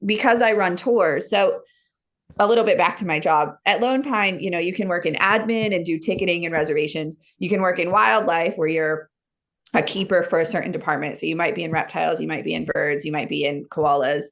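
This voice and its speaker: A woman with an American accent, a guest chatting casually about her work as a wildlife educator, talking in fast, filler-heavy stories. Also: fairly low pitch, a bit bright. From United States. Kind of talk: casual chat.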